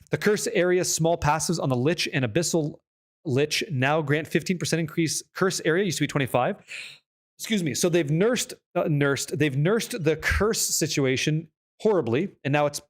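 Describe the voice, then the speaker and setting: A young man streaming a game, chatting casually with viewers, reading patch notes aloud and swearing freely when excited. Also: on the high side. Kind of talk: casual live-stream chat.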